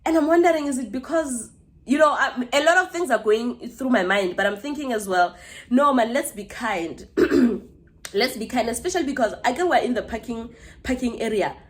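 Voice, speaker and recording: A young woman recounting a run-in in a storytime vlog, sounding indignant and animated. Her voice sits a little high for a woman, and she rushes and restarts as she builds her case. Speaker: vlogger.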